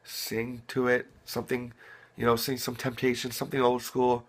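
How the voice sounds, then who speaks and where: A man's voice: mid-range voice, monotone, moderate pace. A young man giving earnest fatherly advice in casual talk to camera, repeating himself and restarting often. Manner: earnest, repetitive, many restarts.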